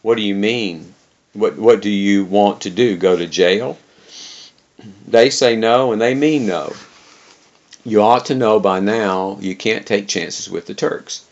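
A mournful, stern shipmate grumbles in a deep, gravelly voice, put on by a man reading aloud. The recording is dull and lo-fi, like an old tape. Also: takes it slowly. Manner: mournful, then stern and tart. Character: gloomy grumbling male ship's roommate.

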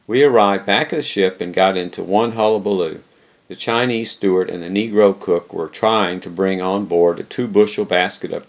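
A man reads a travel memoir aloud in a dry, wry way. His very low voice has a gravelly rasp. The recording is dull and lo-fi, like an old tape. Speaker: reader.

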